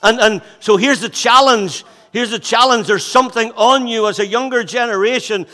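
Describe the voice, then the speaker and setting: A man of sixty preaching a sermon as pastor, fervent and repetitive, moving between loud exhortation and hushed intensity. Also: very high voice, moderate pace, in a large hall. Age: 60s. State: out of breath. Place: church hall.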